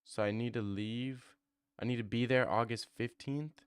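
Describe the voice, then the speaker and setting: A man's voice: medium pitch, fairly even intonation, moderate pace, smooth, no echo. A man streaming live, chatting casually with his viewers in a rambling, joking way. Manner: rambling, joking banter with chat. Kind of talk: casual livestream chat.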